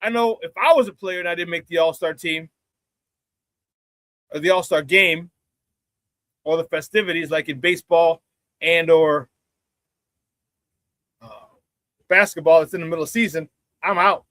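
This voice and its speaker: A man's voice: on the high side, moderate pace, pauses often, a bit bright, no room sound. A man hosting a casual live sports talk show, chatting with viewers, laughing often and repeating phrases for emphasis.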